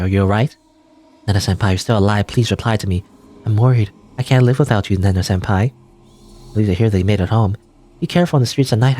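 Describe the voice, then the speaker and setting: A man's voice: on the low side, dark tone, lightly acted. A man voicing a clingy, obsessive young female student who stalks her senior, in an anxious, pleading manner.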